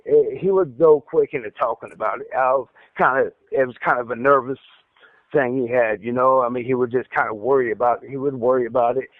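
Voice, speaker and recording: Speaking briskly in a mid-range voice with fairly even intonation, a man recounts an interrogation during a casual phone call. There's no echo on the tinny, dry line, and he stutters, repeats words and restarts sentences.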